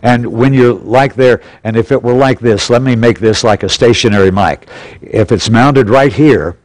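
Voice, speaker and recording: A man's voice: mid-range voice, moderate pace, dry recording, low-quality recording. A man teaching a practical church class in an auditorium, plainly and instructively, repeating his key points. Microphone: stationary pulpit mic.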